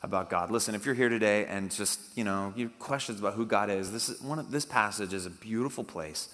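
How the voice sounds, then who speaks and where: A man's voice: fairly low pitch, fast, a bit bright. A man pastor giving a conversational sermon, reading scripture aloud with dramatic emphasis. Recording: long hall reverb.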